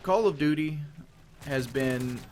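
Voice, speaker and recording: A man's voice: fairly high pitch, takes it slowly, darkish tone, a little hiss or hum. A man giving a casual monologue as a gaming commentator, frank and rambling, with casual swearing.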